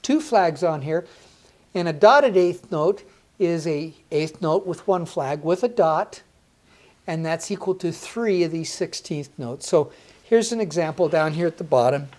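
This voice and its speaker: A woman's voice: low voice, animated, measured pace, darkish tone. A woman teaching a music lesson on rhythm, counting beats aloud in a patient, encouraging, plainspoken way.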